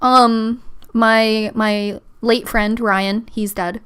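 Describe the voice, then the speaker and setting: A woman's voice: on the high side, flat delivery, extremely slow, a bit bright, clean tone. A young woman in casual chat, telling a story in a chatty way, swearing and mimicking voices. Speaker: podcast host.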